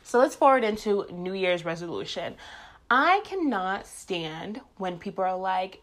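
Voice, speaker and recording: A young adult woman vlogging to her viewers, telling stories in a blunt, profane and animated ranting way. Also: medium pitch, a little slow. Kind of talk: casual ranting monologue.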